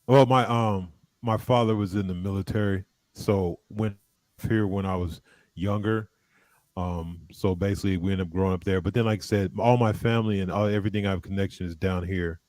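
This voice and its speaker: A man's voice: deep voice, fairly even intonation, fairly quick, a little mellow, no echo. A man from Alabama with a slight Southern US accent, chatting casually as a guest with rambling restarts. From Alabama, USA. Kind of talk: casual chat.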